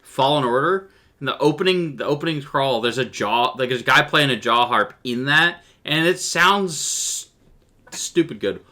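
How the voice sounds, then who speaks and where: A man's voice: medium pitch, expressive, moderate pace, bright, forceful tone. A man running a streamed tabletop game as game master, chatting animatedly with his players and viewers and breaking into vocal sound effects.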